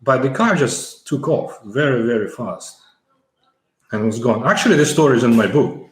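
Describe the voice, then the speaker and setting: A man's voice: mid-range voice, animated, normal speed. A middle-aged man from the former Soviet Union, telling a long story as an interview guest, with many fillers and restarts. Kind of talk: conversational storytelling. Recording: echoey room.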